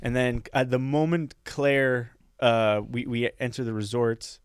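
A man, a podcast co-host, telling a travel story in a casual, profane, animated way, jumping his pitch when he quotes people. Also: a little slow, smooth, no room sound, clean studio sound.

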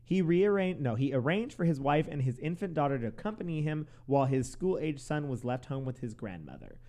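A man's voice: fairly high pitch, animated, brisk, dark tone. A man hosting a podcast, reading a history story aloud from notes with stumbles, self-corrections and giggles in casual chat. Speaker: podcast host.

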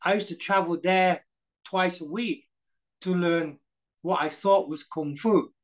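A middle-aged British man, a former stuntman, is a guest in a casual interview, speaking a little slowly in a high voice. He tells anecdotes packed with quoted dialogue and fillers, and the recording is rough.

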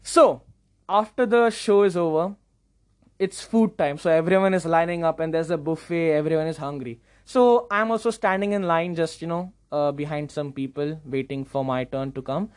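A young man hosting a podcast, telling a casual story in an animated, self-mocking way and often stumbling over repeated words. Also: on the high side, normal speed, smooth. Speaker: podcast host.

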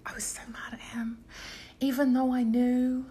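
A young woman telling a story to camera in a casual, animated way, swearing freely and acting out the voices in it. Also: a little slow, husky. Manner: acts out quoted voices with big pitch jumps. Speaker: vlogger.

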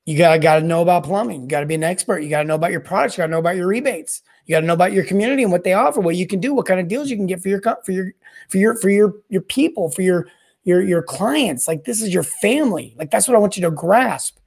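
Energetic rambling man hosting a podcast. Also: high voice, fast. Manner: energetic, rambling, repeats words and restarts often. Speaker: podcast host. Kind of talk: solo podcast talk on plumbing sales and service.

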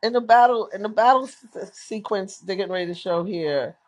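A podcast host giving a casual, live running commentary while watching a movie, blurting out excited reactions and swearing freely. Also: mid-range voice, a little fast.

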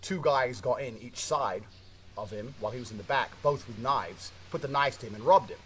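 A man's voice: medium pitch, brisk, a bit bright, slight background noise. A man telling a story in a casual monologue, brash and swearing constantly.

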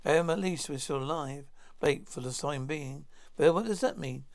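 Male reader with a gravelly, somewhat high voice who plainly reads out a drama script, speaker names included. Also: normal speed. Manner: announces each speaker's name before the line. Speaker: narrator reading all parts. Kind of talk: plain read-through of a script.

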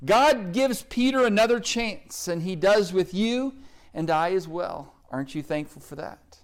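A man with an Oklahoma accent delivers a sermon in a fairly high voice. He speaks earnestly, pleading with his listeners and reading scripture aloud. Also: smooth. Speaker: pastor.

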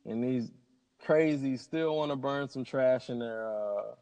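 A man's voice: medium pitch, a little slow, a little mellow, clear, resonant tone. A man, a pilot telling stories in a casual interview in an upbeat, rambling way. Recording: long hall reverb.

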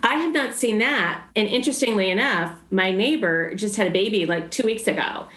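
A woman's voice: medium pitch, brisk, fairly bright tone. A woman in her fifties, an interior design guest on a podcast, talking in an easygoing, agreeable way with many fillers. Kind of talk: casual interview chat. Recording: roomy echo.

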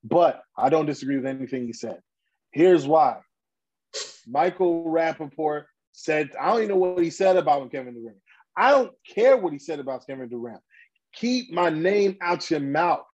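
A man with a fairly high, husky voice hosts a casual podcast chat. He rants bluntly and heatedly in street slang and keeps restarting his sentences. The recording sounds dull and lo-fi. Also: animated, normal speed, darkish tone. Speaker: podcast host.

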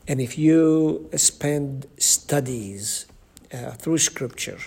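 Man, Bible study leader, gravelly voice, slow halting delivery, questions to the group. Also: medium pitch, a little mellow.

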